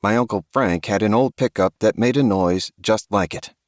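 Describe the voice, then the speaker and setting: Male audiobook narrator, very low voice, dry close sound, grave and tense first-person horror reading. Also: normal speed, dry recording.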